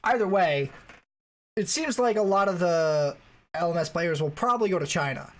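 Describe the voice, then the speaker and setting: A man's voice: sits high, expressive, moderate pace. A man co-hosting a casual esports podcast, rambling as he recalls facts aloud. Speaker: podcast co-host.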